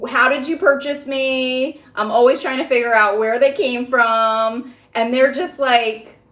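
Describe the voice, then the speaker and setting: A woman psychic rambles through a casual vlog, stacking fillers and breaking into laughs. Her voice sits a little high, and the room around her rings with echo. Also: steady tone, unhurried, a bit bright. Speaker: psychic reader. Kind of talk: casual spiritual vlog talk. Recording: roomy echo.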